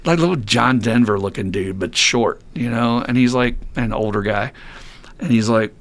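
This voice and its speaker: A man's voice: mid-range voice, moderate pace. A man hosting a recovery podcast who tells a candid personal story in a blunt, self-mocking way, swearing freely and laughing often. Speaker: podcast host.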